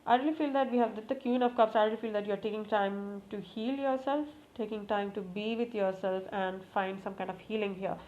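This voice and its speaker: A woman's voice: mid-range voice, fairly quick, few pauses. Woman tarot reader talking to her cards. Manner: talks to the cards, repeating requests and exclaiming excitedly. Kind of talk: casual tarot reading to camera. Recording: slightly muffled, faint background noise.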